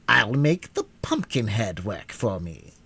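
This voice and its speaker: A man's voice: lowish voice, sing-song, slow pace, gravelly, sharp tone, breathy edge, heavily acted. A man reading aloud and voicing a stern, cruel old witch who speaks severely and with cold cheer.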